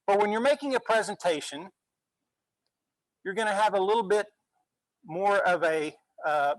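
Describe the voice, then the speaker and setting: A male university instructor giving a relaxed classroom lecture, often checking in with "okay?" as he goes. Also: sits high, dry recording, low-quality recording. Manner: conversational, frequent "okay?" check-ins.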